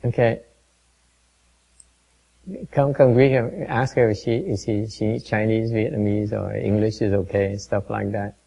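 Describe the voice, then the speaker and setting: A man leads a meditation class in a gravelly voice with a dark, mellow tone. He talks haltingly, with many fillers, and keeps quizzing and teasing his listeners. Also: fairly low pitch, flat delivery, muffled recording. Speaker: meditation teacher. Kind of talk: dharma talk to a class.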